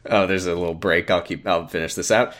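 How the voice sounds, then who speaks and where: A man's voice: low-pitched, fairly even intonation, brisk, a bit bright. A man co-hosting a comedy podcast, reading a fanfic aloud and cutting in with dry, blunt remarks. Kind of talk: casual comedic chat.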